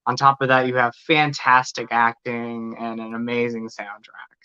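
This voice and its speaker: A man's voice: mid-range voice, flat delivery, bright, forceful tone, smooth. A man co-hosting a podcast, talking with enthusiasm in a casual chat. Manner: enthusiastic, quick to praise. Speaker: podcast co-host. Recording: slightly dull lo-fi audio.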